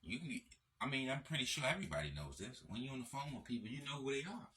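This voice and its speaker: A man's voice: mid-range voice, animated, quick pace, pushed and bright. A man giving an emphatic, profanity-laced lecturing monologue with lots of repetition. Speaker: channel host.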